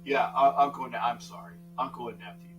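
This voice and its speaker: Speaking briskly at a medium pitch, this older man runs a live sports talk stream, chatting loosely and shouting out viewers by name. His talk wanders with frequent restarts, and the muffled audio is picked up by a far-off mic carrying a slight mains hum.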